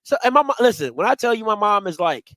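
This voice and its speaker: A high, lively man chatting casually about sports as co-host. His pitch swings widely as he tells stories, repeats lines and laughs. The sound is close and dry. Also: fast talker, no echo. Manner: animated, laughing, repeats himself. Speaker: podcast co-host.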